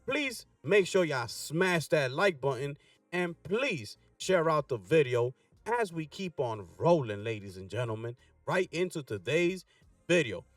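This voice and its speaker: A man hosting a gaming news channel, reading articles aloud with energetic hype and frequent "right?" asides. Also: on the high side, a little slow, no echo, recorded from a distance, soft background music. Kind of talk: casual commentary reading articles.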